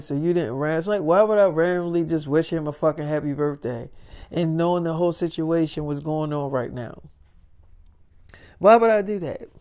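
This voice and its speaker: A man's voice: on the high side, darkish tone, close to an everyday voice. A man voicing a young woman celebrity who is his clingy, insistent lover, talking in a profane, pleading, defensive way.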